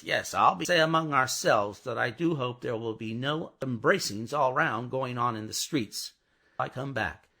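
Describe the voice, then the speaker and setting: A man voicing Miss Pross, a brisk, bossy older English housekeeper, in an audiobook reading. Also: medium pitch, vocal fry, bright, forceful tone, husky, full character voice.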